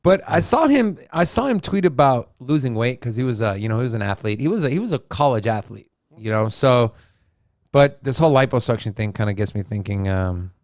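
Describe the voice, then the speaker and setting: Male host, mid pitch, easygoing chart talk with banter, dry close mic. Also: lively intonation, a little fast, a little mellow, no echo. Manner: loose and joking, repeats himself. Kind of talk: casual crypto chart talk.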